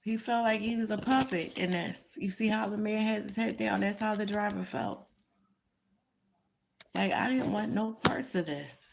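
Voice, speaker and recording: A woman with a gravelly, creaky voice talks through a tarot reading in a casual, chatty way. She repeats her points for emphasis and now and then laughs at her own remarks. Her pitch sits in a middle range for a woman. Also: moderate pace, noisy background. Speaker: tarot reader.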